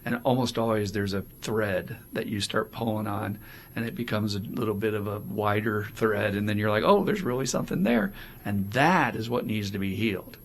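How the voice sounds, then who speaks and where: Gravelly man talking recovery, animated. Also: on the low side, normal speed, slight background noise. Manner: animated, acts out quoted voices. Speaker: podcast co-host. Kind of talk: casual recovery podcast talk.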